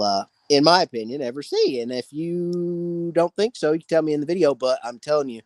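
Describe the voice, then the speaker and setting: A man's voice: medium pitch, no echo. A man hosting a casual live fishing Q&A, greeting viewers by name. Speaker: fishing channel host. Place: outdoors by a campfire.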